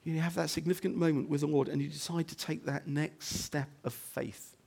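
A male pastor delivers a sermon in his church, chatting with the congregation through rhetorical questions and quick "okay?" checks. His voice sits a little higher than most men's. He sinks into quiet, low passages, then builds to loud, emphatic ones. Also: steady tone, gravelly, slightly rough. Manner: conversational preaching, frequent "okay?" asides and rhetorical questions; swings between hushed low moments and loud emphatic stretches.

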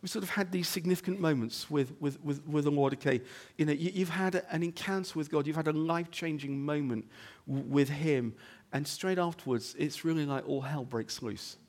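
A male pastor delivers a sermon in his church, chatting with the congregation through rhetorical questions and quick "okay?" checks. His voice sits a little higher than most men's. He sinks into quiet, low passages, then builds to loud, emphatic ones. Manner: conversational preaching, frequent "okay?" asides and rhetorical questions; swings between hushed low moments and loud emphatic stretches.

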